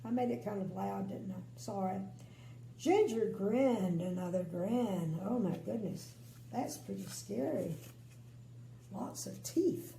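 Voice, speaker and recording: Older grandma storyteller: slow and lively, with a gravelly, mellow voice, recorded in an echoey room with a faint hum. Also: female voice, mid-range voice. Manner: expressive, chatty, opinionated asides. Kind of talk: bedtime story reading with asides.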